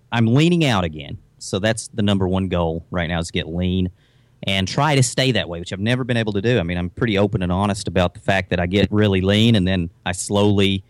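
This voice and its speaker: Podcast guest: man with a softened Kentucky Appalachian twang, low-pitched, dry, relaxed storyteller. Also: no echo. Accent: Appalachian Kentucky, toned down. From southeastern Kentucky. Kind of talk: casual podcast chat.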